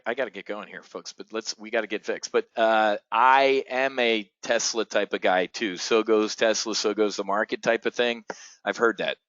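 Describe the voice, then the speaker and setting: A man hosting a live trading webinar, talking excitedly to his audience, swearing and calling them folks. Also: on the low side, dry recording, muffled recording.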